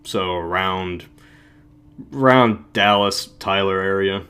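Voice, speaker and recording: A low-pitched man with a bright, forceful tone chats casually on a podcast. He rambles, restarts and trails off mid-sentence. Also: slow pace, clean tone. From Ohio. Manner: rambling, self-interrupting, trailing off. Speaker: podcast co-host. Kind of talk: casual live podcast chat.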